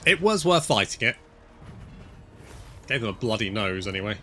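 Male game streamer, lively bright voice, cheers and swears at his units, desk mic. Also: fairly low pitch, moderate pace, faint music behind. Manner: excitable, sweary, talks to units. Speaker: gaming channel host. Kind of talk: casual gameplay commentary.

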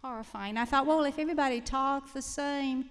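A middle-aged woman with a Southern Georgia accent, a writer on a panel, telling stories in a chatty way with halting restarts. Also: high-pitched. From South Central Georgia. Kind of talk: panel discussion. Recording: reverberant lecture hall.

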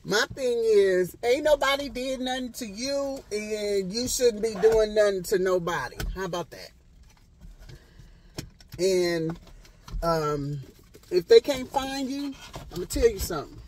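A woman's voice: medium pitch, measured pace, slight background noise, low-quality recording. A woman vlogging to her phone camera from the driver's seat of a parked car. She talks in a sassy, emphatic storytime way, circling back and repeating lines to drive each point home. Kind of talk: casual storytime vlog. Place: parked car outside a hospital. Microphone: handheld phone camera.

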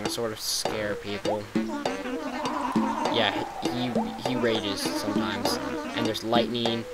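A gaming vlogger with a voice on the low side gives chatty, rambling let's-play commentary over a cozy life game, teasing the characters with playful sarcasm. Loud game music plays behind him, and the recording is rough.

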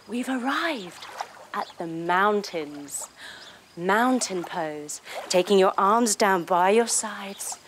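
Brief: young female kids-yoga teacher, lively singsong delivery, slow and unhurried, faint hiss behind. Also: medium pitch. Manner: playful, singsong, lots of sound effects and cues. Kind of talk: guided kids yoga story.

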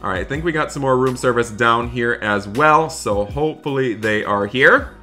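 This gaming roleplay host has a medium-pitched voice and a moderate pace, with music playing underneath. He alternates between commenting to viewers and delivering courteous lines as a hotel worker.

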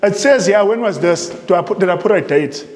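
A man preaching with a high, urgent voice, asking questions and then answering them himself. The sound is roomy and echoes with a long reverb. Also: expressive, a little fast. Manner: emphatic, repeats phrases, asks rhetorical questions. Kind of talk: sermon with readings.

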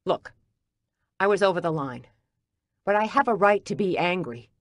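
A woman's voice: fairly low pitch, lively intonation, moderate pace, no echo, natural voice. A woman reading an audiobook, voicing a hurt, angry man who speaks in a brusque, cutting way. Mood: bitter. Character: angry wounded man arguing with his ex.

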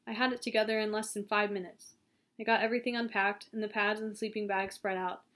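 Woman, audiobook reader, steady calm narration, mid pitch, occasional restarts. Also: quick pace. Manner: calm, steady reading with small slips and restarts. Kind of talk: reading a novel aloud.

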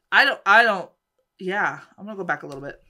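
Excitable woman reacting loudly. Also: mid-range voice, measured pace. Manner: excitable, exclaims and laughs often, rambling. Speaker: reaction video host. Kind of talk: casual reaction commentary.

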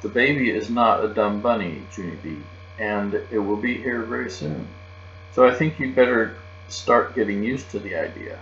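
A man doing a calm, patient mother. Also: lowish voice, moderate pace, faint music behind. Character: patient pregnant mother, gently scolding. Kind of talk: children's audiobook reading. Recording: roomy, dull, with mains hum.

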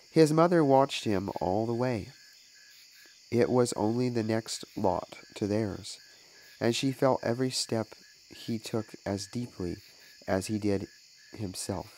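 A man, a minister, reading a moral story aloud in a slow, deliberate manner. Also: fairly low pitch, darkish tone, a little hiss or hum, rough recording.

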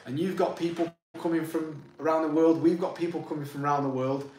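A man's voice: fairly high pitch, fairly even intonation, a little fast, a little mellow, echoey room, a little hiss or hum, rough recording. A man with a broad Manchester accent who runs a tattoo studio, talking bluntly and swearing freely in casual chat. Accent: Mancunian.

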